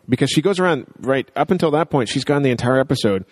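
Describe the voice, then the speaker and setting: A man co-hosting a casual chat about a TV show, talking things through and quoting characters in quick asides. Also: medium pitch, expressive, no echo, clean studio sound.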